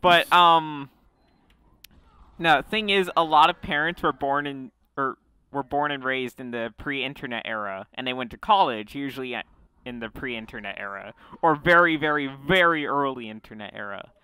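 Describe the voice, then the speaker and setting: A man's voice: moderate pace, smooth, no echo. A young man hosting a casual podcast chat, rambling and correcting himself as he goes. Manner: rambling, self-correcting, jumps in pitch and loudness. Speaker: podcast host.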